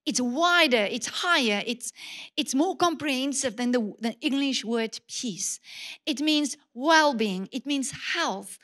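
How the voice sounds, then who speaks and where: High-voiced woman pastor preaching. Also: animated, a little slow, a bit bright. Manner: emphatic, repeats key words, asks the congregation questions. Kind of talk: sermon.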